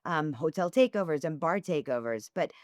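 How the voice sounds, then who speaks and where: Speaking at a normal speed in a low-pitched voice, this woman, a former swingers event host, guests on a podcast and chats casually. She's an animated storyteller who performs the dialogue, recorded cleanly in a studio with no echo.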